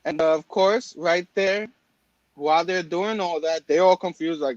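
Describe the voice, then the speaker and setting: A man's voice: on the high side, normal speed, dry recording, dull audio. A man hosting a casual comic book talk show, rambling with lots of fillers and restarts. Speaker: podcast host. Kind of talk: casual chat.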